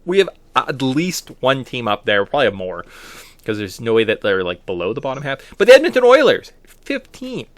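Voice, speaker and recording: A man's voice: mid-range voice, sing-song, fairly quick, no room sound. A man from Canada co-hosting a casual sports podcast, tossing in playful jokes between his takes. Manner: joking, playful asides. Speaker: podcast co-host.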